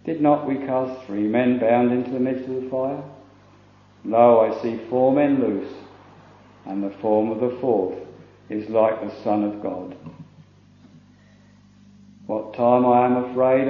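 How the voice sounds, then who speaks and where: A man preaches a slow, solemn sermon and leans into scripture in archaic phrasing. His voice sits in a middle register. It was recorded in an echoey church on dull, lo-fi old tape. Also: mid-range voice. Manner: solemn, measured preaching with King James quotations.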